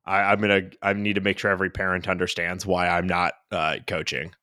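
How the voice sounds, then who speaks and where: A man's voice: deep voice, flat delivery, fairly quick, sharp tone, no echo. A man in his thirties co-hosting a casual podcast, joking about himself in a dry, self-mocking way. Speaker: podcast co-host. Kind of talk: casual chat.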